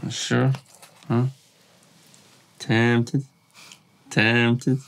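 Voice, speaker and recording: A man's voice: mid-range voice, little pitch movement, extremely slow, gravelly. An actor playing a young man with dry, wisecracking banter with his girlfriend. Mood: wry. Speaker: boyfriend.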